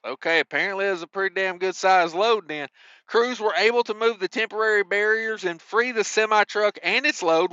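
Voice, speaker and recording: Hosting a trucking news show, this man has a high, bright, forceful and smooth voice, with no echo but dull audio. He reads the news and throws in joking asides, cussing mildly.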